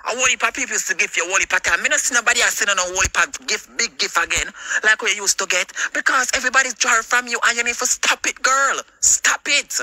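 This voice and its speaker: A woman's voice: fairly high pitch, fast, hardly any pauses, pushed and bright, rough recording. A Jamaican woman on a livestream, confronting someone in a heated, repetitive rant full of swearing.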